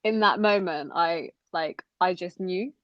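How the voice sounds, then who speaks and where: Woman, 20s, podcast co-host, casual reflective chat, filler words, slightly low pitch, dull dry recording. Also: a little slow, dry recording. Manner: chatty, reflective, full of "like" fillers.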